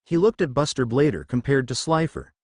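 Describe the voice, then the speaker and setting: A man narrating a fan fiction story with expressive storytelling. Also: mid-range voice, a little fast, no echo, studio quality.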